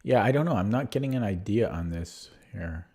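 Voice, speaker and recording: A man streaming chess puzzles, thinking aloud with a husky, strained voice, often correcting himself. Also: on the low side, animated, warm tone. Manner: muttering, self-correcting, quick laughs.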